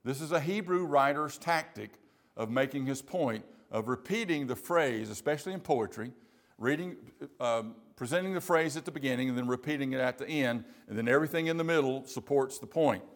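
In a medium-pitched male voice, a pastor from South Carolina preaches with care and no hurry, punctuating the sermon with forceful repetitions.

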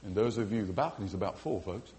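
A man preaching a sermon as pastor in a church, earnest and fervent, swinging from loud cries to quiet, personal appeals. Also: fairly low pitch, quick pace, a little hiss or hum. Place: church sanctuary with balcony.

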